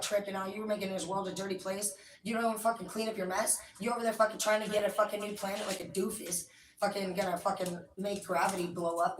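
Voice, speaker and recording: Sitting well back from the microphone in an echoey room, a woman who streams tarot rambles profanely, cursing in almost every sentence of her casual monologue. Her voice is mid-range, with slight background noise.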